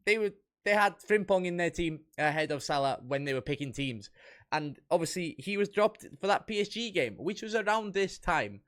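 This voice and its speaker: A man's voice: high-pitched, expressive, normal speed, a bit bright. A young man giving casual reaction commentary, reading comments aloud and picking them apart with wry amusement.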